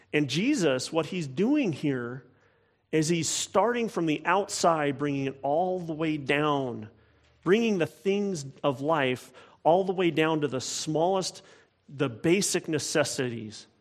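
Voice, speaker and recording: A man preaching a sermon, earnest and emphatic, often repeating phrases for weight. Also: on the high side. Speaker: pastor.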